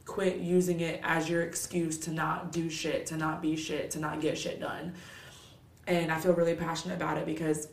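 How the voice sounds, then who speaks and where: A woman's voice: low voice, flat delivery, normal speed, vocal fry, roomy sound. A woman hosting a solo podcast, ranting in a candid, blunt, profane and motivational way, tired and with a stuffy nose. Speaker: podcast host.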